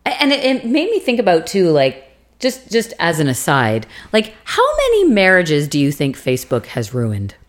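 A woman co-hosting a podcast, chatting casually with animated, sarcastic remarks and frequent swearing. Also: on the low side, normal speed. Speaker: podcast co-host. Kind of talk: casual chat.

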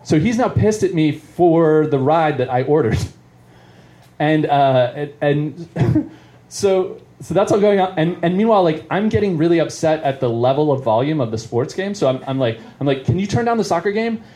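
A man's voice: fairly high pitch, normal speed, warm tone. A man doing stand-up, telling a long story in a rambling, self-interrupting way and chuckling at it as he goes. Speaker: comedian. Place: live venue.

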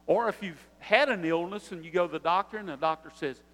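Older male pastor, high-pitched sermon voice, long hall reverb. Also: fast talker, hardly any pauses, fairly bright tone. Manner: preaching with rising emphasis and repetition.

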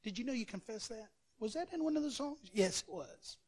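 A man's voice: very high voice, lively intonation, a little fast, darkish tone. A male pastor preaching a sermon, telling the story with energy and acting out quotes and sound effects.

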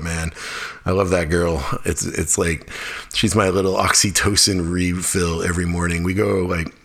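A man's voice: low-pitched, fairly bright tone. A middle-aged man hosting his own podcast, rambling in a chatty, casual solo monologue and swearing offhandedly. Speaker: podcast host.

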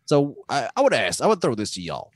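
Lively joking male podcast host. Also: mid-range voice, a little fast, a crowd in the background. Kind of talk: casual group chat.

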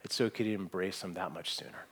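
A man preaching a sermon to a room, earnest and emphatic, climbing to strong peaks and dropping to soft, hushed asides. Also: low-pitched, fast, husky. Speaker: pastor. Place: church hall with audience.

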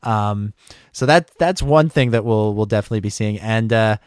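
A man's voice: fairly low pitch, normal speed, clear, resonant tone, no room sound, studio quality. A man co-hosting a podcast in casual discussion, talking hesitantly with many fillers and restarts. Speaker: podcast co-host.

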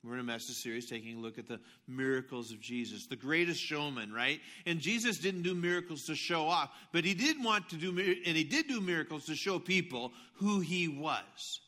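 Bright-voiced animated male pastor. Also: fairly high pitch, brisk, few pauses. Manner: animated storytelling, swinging between hushed asides and loud outbursts. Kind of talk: sermon.

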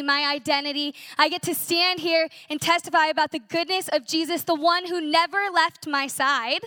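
A woman's voice: high voice, bright, forceful tone, no echo, studio quality. A young woman in her twenties sharing an earnest, emotional personal testimony at a church conference, telling her story with animation.

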